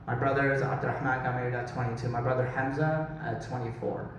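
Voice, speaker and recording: A man's voice: medium pitch, fairly even intonation, slight background noise. Stand-up man in his thirties, big hall. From Dallas, Texas. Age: 30s. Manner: storytelling, self-mocking, quick asides to the crowd. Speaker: stand-up comedian. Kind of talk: stand-up comedy set. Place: large hall, recorded from far off. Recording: very echoey hall, distant mic.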